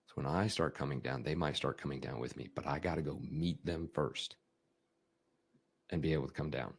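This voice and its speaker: A man hosting a podcast, talking through ideas in a conversational coaching style, acting out emotions with big shifts in tone. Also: brisk. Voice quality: deep gravelly husky voice. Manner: animated, acts out emotions with big swings in tone. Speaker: podcast host.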